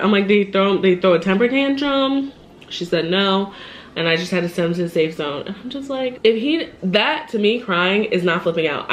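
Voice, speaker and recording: A woman telling a personal story in a casual vlog, animated and upset, laughing and quoting the people in it, a little shaky. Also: medium pitch, a little hiss or hum. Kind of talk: casual storytime while eating.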